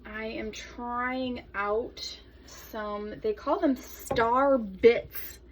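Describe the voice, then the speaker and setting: A woman's voice: on the high side, fairly even intonation, extremely slow, a little hiss or hum, poor audio. A young adult woman soap maker chatting casually through a tutorial, rambling into asides while she works.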